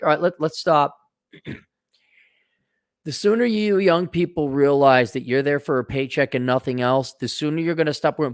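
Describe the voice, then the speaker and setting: A man with a somewhat high voice gives blunt, casual advice. He talks in a sarcastic, stop-start way, repeating words as he goes. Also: normal speed, clean tone, no echo, clean studio sound. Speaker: host.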